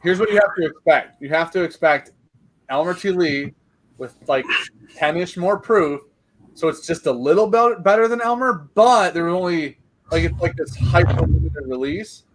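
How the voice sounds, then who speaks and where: A man hosting a casual whiskey chat, animated, swearing freely and laughing often. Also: fairly high pitch, normal speed, poor audio. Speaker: podcast host.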